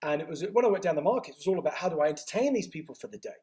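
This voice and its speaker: Here a health author and retreat owner, a man, is the guest in a relaxed interview. His pitch runs on the high side and he talks very fast. He tells animated, energetic stories, laughing and restarting often.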